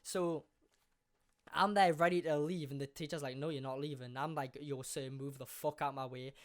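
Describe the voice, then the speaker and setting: Animated, swearing young man. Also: on the high side, moderate pace. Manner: animated, swears a lot, acts out quotes. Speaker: podcast host. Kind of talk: casual storytelling chat.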